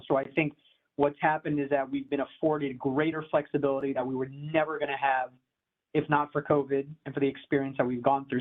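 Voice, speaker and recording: A man speaking as a commercial real estate advisor in a conversational interview, talking in an animated, emphatic, easygoing way. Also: fairly high pitch. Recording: tinny phone-like line.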